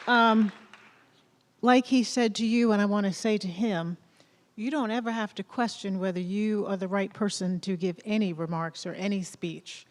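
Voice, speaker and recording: A college president with a Southern accent gives an off-script welcome speech from a lectern in a large theater, her mid-range voice echoing with long reverb. Her tone stays steady and her pace normal as she chats loosely, encourages the crowd, and builds to loud rallying questions.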